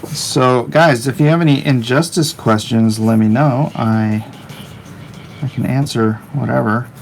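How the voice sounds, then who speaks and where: A middle-aged man with a gravelly, creaky voice talks at an unhurried, drawn-out pace. He rambles and cracks jokes while drawing on a livestream, reading viewer comments aloud. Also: medium pitch, a little hiss or hum. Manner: rambling, jokey, reads viewer chat aloud. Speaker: comic artist streaming his work.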